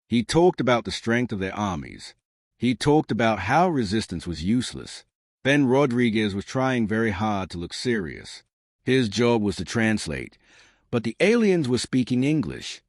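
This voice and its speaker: A man narrating a science fiction story in a plain, even storytelling manner. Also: fairly low pitch, no echo, clean studio sound.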